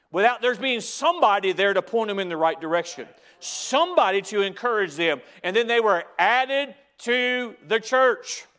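Male preacher, high-pitched, sermon delivery, repeats lines for emphasis, soft-to-loud swings. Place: church sanctuary.

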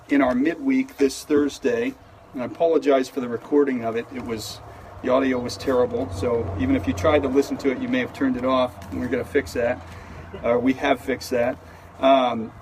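A man preaching an earnest, conversational sermon at an outdoor service in a parking lot, often restarting his sentences. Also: fairly high pitch. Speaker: pastor. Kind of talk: sermon with opening prayer. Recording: distant mic with faint outdoor noise.

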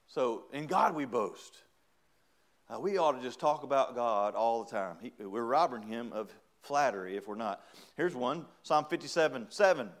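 A middle-aged man preaching a sermon in a folksy, humorous way, acting out little quoted voices and rising to loud, emphatic praise. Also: medium pitch, expressive, normal speed.

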